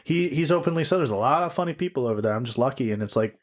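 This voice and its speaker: Young male podcast co-host, mid-pitched, rambly, jokey, casual swearing. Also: expressive, racing.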